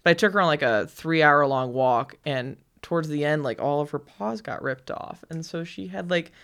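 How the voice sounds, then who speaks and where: A woman's voice: low-pitched, normal speed, a bit bright. A woman guest on a podcast, talking casually with lots of filler words. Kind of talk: casual chat.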